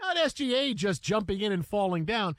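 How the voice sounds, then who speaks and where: Man, sports talk co-host, casual chat, animated storyteller, high voice, dry close sound. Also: brisk, no echo. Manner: animated storytelling, acts out quotes.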